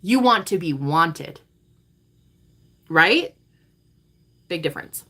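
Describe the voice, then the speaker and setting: Speaking slowly with a low-sitting voice and lively intonation, a woman in her thirties who works as a spiritual coach gives her vlog audience a dramatic monologue. She swears throughout and shifts between loud proclamations and quiet asides.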